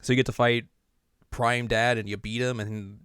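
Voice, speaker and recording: A man's voice: medium pitch, little pitch movement, normal speed, fairly bright tone, clear, resonant tone, dry recording, clean studio sound. A man co-hosting a podcast, casually recapping a game story in a rambling way with lots of "like" and laughs. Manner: rambling, full of "like" and laughs, acts out characters. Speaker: podcast co-host.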